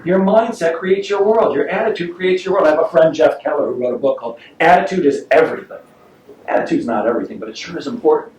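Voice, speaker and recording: A man's voice: fairly high pitch, fast talker. A man giving a live sales seminar to an audience, joking and acting out little scenes in his stories. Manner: animated, joking, acts out voices in stories. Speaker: sales trainer giving a talk. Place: meeting room with audience. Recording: roomy, distant mic with faint noise.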